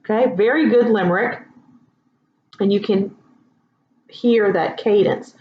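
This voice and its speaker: A woman teaching a writing lesson in a casual, relaxed way, with lots of ums and asides. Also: medium pitch, a little slow, long pauses. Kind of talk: casual classroom instruction. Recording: echoey room, dull lo-fi sound.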